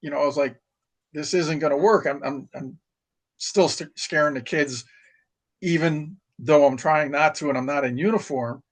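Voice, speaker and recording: A middle-aged man tells stories of his service in loose, casual podcast chat. His voice sits a touch high for a man, and he circles back on his words with frequent uhs and restarts. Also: fairly even intonation, moderate pace. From New York. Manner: rambling, many restarts and fillers. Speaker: podcast guest, retired Marine. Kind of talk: casual storytelling.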